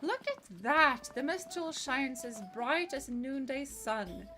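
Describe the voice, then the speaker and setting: A woman voicing a kindly, motherly female hobbit neighbor in a video game, speaking warmly and brightly. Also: high voice, lively intonation, unhurried, soft background music, exaggerated voice. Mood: cheerful.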